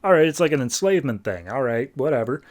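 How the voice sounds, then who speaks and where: A man's voice: medium pitch, very animated, fast, lightly acted. A man doing a wisecracking young masked hero. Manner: casual, joking paraphrase. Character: cocky young male masked vigilante.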